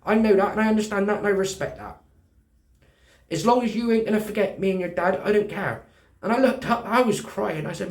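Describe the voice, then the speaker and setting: A man's voice: sits high, fairly quick, echoey room. A man with a British accent telling a personal story in casual talk, acting out the dialogue and swearing freely. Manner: animated, swearing, acts out dialogue.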